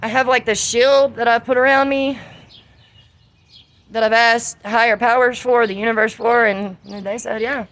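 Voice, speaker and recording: A middle-aged woman with a Southern US accent, venting in a profane, confrontational vlog monologue that rises to shouts. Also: fairly high pitch, steady tone, normal speed. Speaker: vlogger.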